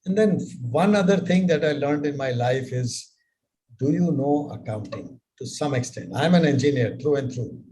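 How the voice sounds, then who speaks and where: An older man giving business advice in a live mentorship session, speaking in a measured way with many rhetorical questions. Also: medium pitch, expressive, dark tone, low-quality recording.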